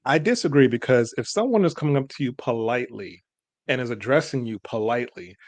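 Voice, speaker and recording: A man's voice: mid-range voice, animated, fairly quick, darkish tone. Earnest, rambling man. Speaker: co-host. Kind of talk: casual reaction chat.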